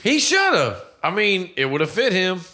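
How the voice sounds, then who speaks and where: Lively, bright-voiced joking man. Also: high voice. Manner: profane, joking, does quick voice bits. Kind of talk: casual chat.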